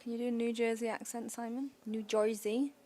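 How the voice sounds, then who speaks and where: A woman's voice: a little high, monotone, fast, a little mellow. A woman commentating on poker, joking and bantering casually. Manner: playful, jokey, laughs often.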